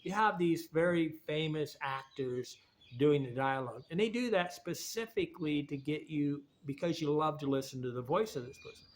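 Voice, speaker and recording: Rambling man with a higher voice. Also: moderate pace. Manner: digressive, restarts sentences. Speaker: video essayist. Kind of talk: rambling spoken monologue.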